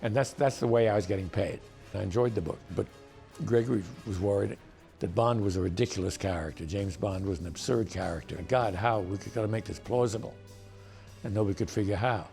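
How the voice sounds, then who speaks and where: Older gravelly screenwriter, amused raconteur in interview. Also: male voice, lowish voice, fairly quick, darkish tone, soft background music. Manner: wry, amused storytelling. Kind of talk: anecdotal documentary interview.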